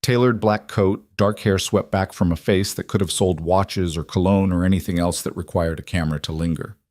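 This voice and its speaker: A man narrating a scripted story in a steady, measured storytelling voice. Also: low-pitched, no echo, clean studio sound.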